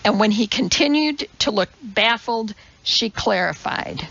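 A woman narrates a story in a slow, deliberate reading voice with a gravelly, fry-tinged texture. The recording sounds slightly dull and muffled. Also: mid-range voice, lively intonation, fairly bright tone. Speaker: audiobook narrator. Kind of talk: scripted narration.

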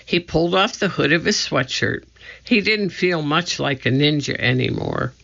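A narrator giving an expressive, measured reading of a children's storybook. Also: medium pitch, creaky. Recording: dull lo-fi recording.

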